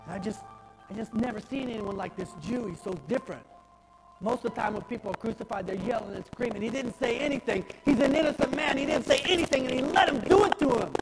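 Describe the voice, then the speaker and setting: A pastor playing a rough, streetwise ex-criminal in a sermon monologue, with coarse, colloquial talk that swings from loud outbursts to hushed tones. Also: male voice, high-pitched, quick pace. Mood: impassioned. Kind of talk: first-person dramatic monologue in a sermon. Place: church. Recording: reverberant church sanctuary with faint music.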